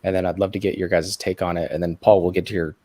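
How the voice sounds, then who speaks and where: Lower-voiced man hosting a live chat. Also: little pitch movement, fast talker, warm tone. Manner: friendly, affirming, hesitant fillers. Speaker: live show host.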